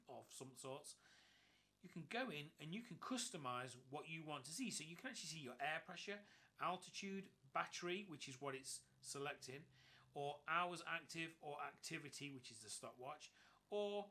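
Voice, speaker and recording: A man's voice: on the high side, bright, forceful tone. A man giving an enthusiastic, upbeat walkthrough review of a gadget. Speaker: tech reviewer.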